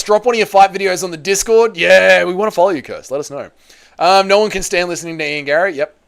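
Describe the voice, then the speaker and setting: A young man hosting a casual livestream, reading chat comments and bantering loudly with sudden excited shouts and plenty of swearing. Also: fairly high pitch, clean tone. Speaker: livestream host.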